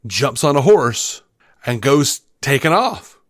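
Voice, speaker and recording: An animated man co-hosting a film podcast, talking casually and swearing often as he retells scenes. His voice sits at an ordinary middle pitch. The sound is dry and close, with no room around it. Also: takes it slowly, no room sound. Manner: animated, profane, acts out movie lines. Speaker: podcast co-host. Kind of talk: casual film-review chat.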